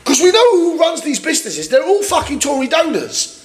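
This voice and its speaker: A man's voice: very high voice, big pitch swings, brisk. A man co-hosting a podcast, reading news aloud and ranting angrily with lots of swearing. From United Kingdom. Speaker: podcast co-host. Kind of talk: casual ranting political chat.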